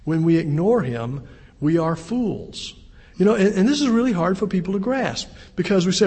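A man's voice: sits high, animated, normal speed, darkish tone, slightly rough. A man preaching a sermon in an earnest way, often repeating words as he goes. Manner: earnest, repeats words, acts out quoted voices. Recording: long reverb.

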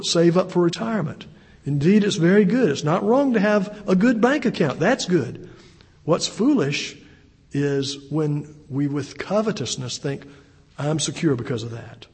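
High husky-voiced man preaching. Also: darkish tone. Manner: earnest, repeats words, acts out quoted voices. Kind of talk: sermon. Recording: long reverb.

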